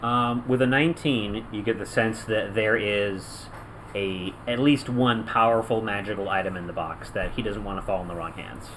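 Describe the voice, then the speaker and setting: A man narrating a tabletop game as game master, telling the story with animated flair and sudden loud yells. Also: fairly low pitch, moderate pace, a little hiss or hum, low-quality recording. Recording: music playing underneath.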